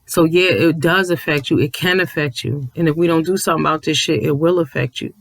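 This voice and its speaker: A man's voice: a little high, a little fast, creaky, dry recording, poor audio. A man ranting to viewers from home late at night, emphatic and preachy, cursing and repeating himself for effect. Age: adult with a child. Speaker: commentary vlogger.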